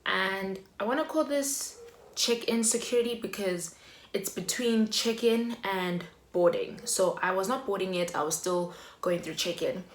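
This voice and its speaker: Young south african girl telling a storytime, chatty and animated, echoey room. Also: medium pitch, slight background noise. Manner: animated, chatty, heavy on fillers. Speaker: vlogger. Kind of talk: casual storytime.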